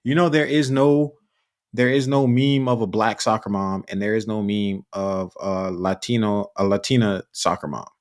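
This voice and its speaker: A man with a lowish voice co-hosts a casual podcast at a moderate pace, speaking bluntly and emphatically and swearing a lot.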